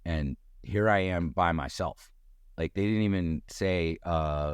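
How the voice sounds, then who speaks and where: A middle-aged man telling a personal story in casual conversation, acting out quoted voices with sudden jumps in pitch. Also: unhurried, clear, resonant tone, no room sound. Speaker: guest storyteller.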